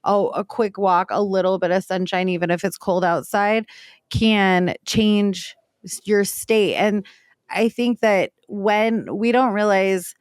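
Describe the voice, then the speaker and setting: A woman in her thirties co-hosting a casual podcast, candid and animated, swearing casually and laughing often. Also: medium pitch, slow, smooth, no room sound, studio quality. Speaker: podcast co-host. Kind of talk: casual conversational podcast chat.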